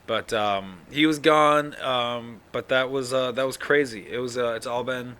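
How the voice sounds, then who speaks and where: A man's voice: medium pitch, a little slow, pushed and bright, clear, resonant tone. A man hosting his own podcast, talking casually and sleepily in a rambling, profane monologue. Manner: rambling, yawning, profane, full of fillers. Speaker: podcast host.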